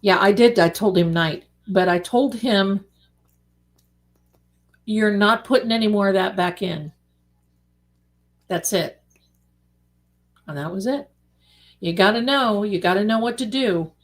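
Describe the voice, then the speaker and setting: A woman hosting a casual late-night livestream, chatty and animated, calling her viewers darlings. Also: medium pitch, a little slow, long pauses. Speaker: livestream host.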